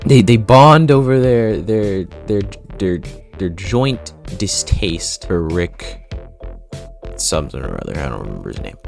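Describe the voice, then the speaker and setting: Man rambling through a show recap, lively swooping pitch, swears a lot, laughs often, faint music behind. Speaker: video creator.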